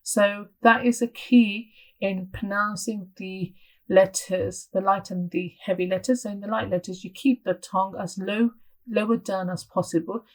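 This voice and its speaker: A woman trains teachers in Tajweed pronunciation, patiently explaining and sounding out example syllables in an instructional lesson. Her mid-range voice holds a steady tone at normal speed, though the recording is low quality.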